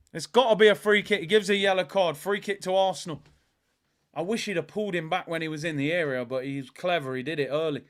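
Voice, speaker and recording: A young man commentating live on a football match as a fan, excitable, using slang and shouting at the players. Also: fairly high pitch, fast talker. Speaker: fan watchalong host.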